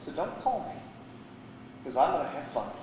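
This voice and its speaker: A man's voice: fairly high pitch, very animated, normal speed, recorded from a distance, background noise, pitched below the performer's own voice. A man voicing a reckless young brother who squandered his fortune, talking brashly, in an echoey church hall. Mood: boastful. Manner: boastful, brash. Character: reckless young man, cocky then broke.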